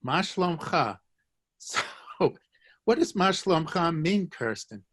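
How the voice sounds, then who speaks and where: A man's voice: a little high, expressive, normal speed, a bit bright. A man teaching a live online language lesson, joking, encouraging and repeating phrases for his students. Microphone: video call.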